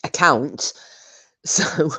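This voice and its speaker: Speaking extremely slowly in a pushed, bright voice, a British woman hosts a livestream with casual chat. She reads viewer comments and tells a rambling story full of restarts.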